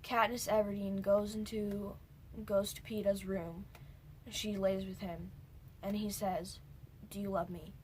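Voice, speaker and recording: A woman's voice: mid-range voice, little pitch movement, unhurried. Brief: young woman, casual vlog movie recap, rambling asides, faint background noise. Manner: rambling, jumps between points, drops into whispered asides. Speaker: movie reviewer.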